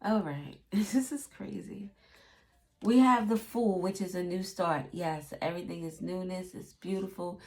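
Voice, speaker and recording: A woman's voice: fairly low pitch, a little slow, darkish tone. A woman giving a casual tarot reading, chatty and acting out little quotes in playful voices. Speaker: tarot reader.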